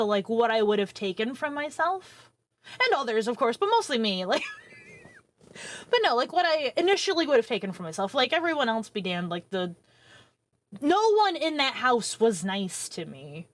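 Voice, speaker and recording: Woman in her thirties, streamer chatting casually, cursing a lot, bright high voice, dry close mic. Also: no room sound. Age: 30s. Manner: profane, animated, rambling. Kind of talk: casual storytelling to stream viewers.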